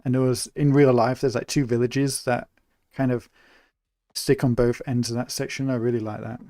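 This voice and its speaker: A young man from England giving relaxed, chatty live commentary while he plays a city-building game, thinking aloud as he goes. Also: mid-range voice, moderate pace, no room sound, clean studio sound. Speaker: streamer.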